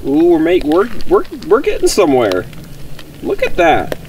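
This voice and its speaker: Man, talking casually outdoors at camp, animated intonation, faint background noise. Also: fairly high pitch, moderate pace, rough recording. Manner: relaxed, rambling, laughs often. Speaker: outdoor vlogger. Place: winter campsite outdoors.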